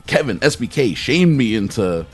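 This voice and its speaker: A man's voice: medium pitch, sing-song, normal speed, faint music behind. A man hosting a show, telling stories in casual chat with a wry, rambling manner and plenty of fillers. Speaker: podcast host.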